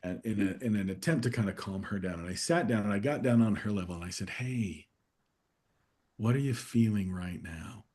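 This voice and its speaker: A man guest on a conversational podcast, sharing a personal story in a reflective, steady way that grows animated at times. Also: fairly low pitch, a little fast. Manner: reflective, warm storyteller who gets animated in anecdotes. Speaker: guest coach.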